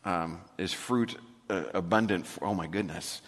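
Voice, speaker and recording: A man preaching a sermon to his congregation, talking in a relaxed way with humor and dropping to a soft voice for emphasis. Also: low voice, moderate pace. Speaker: pastor. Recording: reverberant hall recording.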